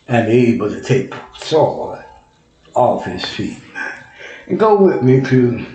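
A man's voice: medium pitch, darkish tone. A man preaching a sermon, reading scripture aloud and often repeating and correcting himself. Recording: echoey room.

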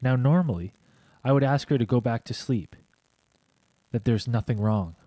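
A man's voice: mid-range voice, moderate pace, dark tone, no room sound. A young man co-hosting a casual podcast, joking and reading a report aloud. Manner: jokey, hams up animal noises. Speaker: podcast co-host.

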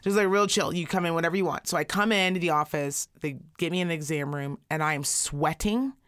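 Profane, animated woman telling a story. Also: lowish voice, fast, smooth. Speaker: podcast co-host. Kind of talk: casual storytelling chat.

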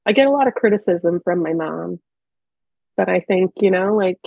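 Husky candid woman guest. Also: fairly low pitch, moderate pace, a little mellow, dry recording, dull audio. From Canada. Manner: candid, chatty, hesitant restarts. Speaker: podcast guest. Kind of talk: casual personal storytelling.

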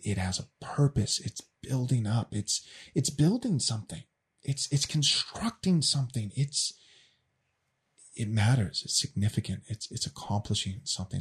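Earnest husky man teaching. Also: lowish voice. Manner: earnest, repeats words as he restarts. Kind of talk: casual teaching talk.

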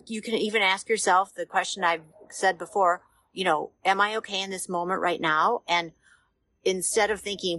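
A woman hosting a motivational podcast, talking in a gentle, reassuring, conversational way with small pauses and fillers. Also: fairly low pitch. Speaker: podcast host.

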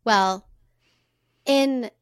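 A woman co-hosting a podcast, telling a story in relaxed casual chat with frequent fillers. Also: on the high side, extremely slow, smooth, no room sound, studio quality.

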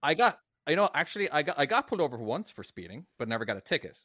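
A man in his forties with a thick Irish accent, telling a story in a lively, casual way, with swearing and laughter. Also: fairly high pitch, rapid-fire, no room sound, clean studio sound. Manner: animated anecdote teller, swears, laughs.

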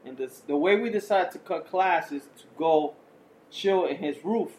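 A man's voice: fairly high pitch, normal speed, roomy sound, noisy background. A man chatting casually over beer on a podcast, telling loose stories with plenty of swearing. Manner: loose storytelling with profanity. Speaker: podcast co-host.

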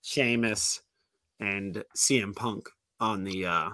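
A man's voice: on the low side, slow, pushed and bright, dry recording. A man co-hosting a podcast, telling a long story in a casual, rambling way with lots of "like" and restarts. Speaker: podcast co-host.

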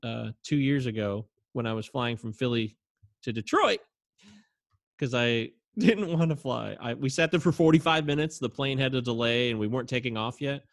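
A man co-hosting a podcast chats casually in a creaky, mid-range voice at a moderate pace. He's self-deprecating and laughs easily at himself, and the recording is dry with clean studio sound.

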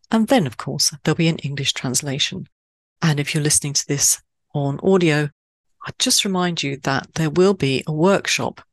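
A Swiss woman hosts a poetry podcast in scripted narration, stressing key words with sudden high pitch leaps. There's no echo.

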